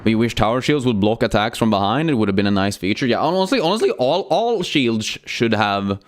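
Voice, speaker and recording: A man's voice: mid-range voice, big pitch swings, a little fast, a little hiss or hum. A young man, chatting casually and cursing as he streams a game and answers chat. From Sweden. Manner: loose and profane, reads chat aloud, many fillers.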